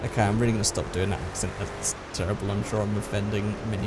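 A man's voice: lowish voice, flat delivery, fast talker, noisy background. A man hosting a gaming channel, chatting casually over gameplay alone in a small room into a microphone, rambling and poking fun at himself. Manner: rambling and self-deprecating, with frequent restarts. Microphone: desk microphone.

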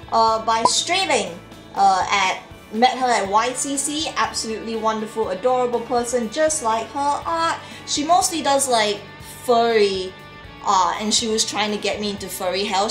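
A woman's voice: medium pitch, a bit bright. A young woman vlogger gushing and rambling about her art haul, full of fillers and restarts. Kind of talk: casual chat. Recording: echoey room with faint music.

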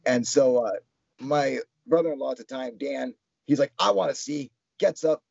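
Gravelly, husky man telling a wild story. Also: mid-range voice, moderate pace, no echo. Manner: excited, swears a lot, heavy filler "like". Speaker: interview guest. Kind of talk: casual storytelling. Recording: dull lo-fi sound.

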